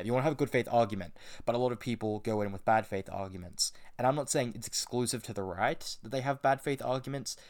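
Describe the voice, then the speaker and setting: Lower-voiced man reading with sarcastic asides. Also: darkish tone, clean tone. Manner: casual, sarcastic asides and swearing between read passages. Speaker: reader and commentator. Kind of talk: reading a book aloud with commentary.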